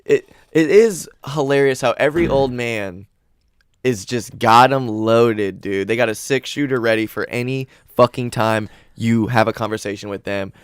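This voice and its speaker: A man's voice: mid-range voice, moderate pace, hardly any pauses, smooth, dry recording, studio quality. A man hosting a podcast, telling stories in a loose, profane, laid-back way. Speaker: podcast host. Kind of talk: casual podcast chat.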